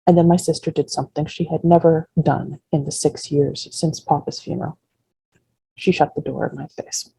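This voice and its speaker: An author reading her first-person novel aloud in a measured, unhurried way. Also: deep voice, gravelly, warm tone, breathy edge, no echo, poor audio.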